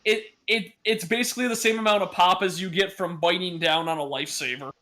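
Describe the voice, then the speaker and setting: A man with a slightly high voice, co-hosting a podcast. He tells rambling anecdotes in an easy, casual way and swears now and then. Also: fairly quick, bright, forceful tone. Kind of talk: casual chat.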